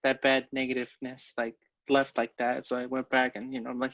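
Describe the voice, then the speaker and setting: Flat-voiced man, dull dry recording. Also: mid-range voice, brisk, hardly any pauses. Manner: loose, filler-heavy talk. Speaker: podcast co-host. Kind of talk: casual podcast chat.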